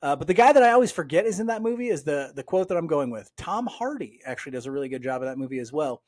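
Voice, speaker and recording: A man co-hosting a sports podcast, talking in an animated, exasperated way with plenty of fillers. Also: a little high, very fast. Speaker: podcast co-host. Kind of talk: casual sports chat.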